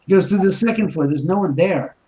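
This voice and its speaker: A man's voice: high-pitched, a little fast, mellow, poor audio. A man casually telling a ghost story about his house, rambling with restarts and acting out quoted dialogue.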